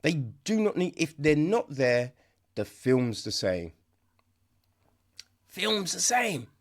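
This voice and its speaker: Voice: mid-range voice, sing-song, slow pace, a little mellow. A podcast host giving a casual, sarcastic film review, often asking "right?" and restarting sentences. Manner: sarcastic, mocks dialogue in exaggerated voices.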